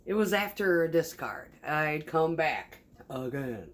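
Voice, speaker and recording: Woman vlogger, low voice, casual rambling kitchen chat, profane and laughing. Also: sing-song, a little slow. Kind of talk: casual chat while sewing. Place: home kitchen.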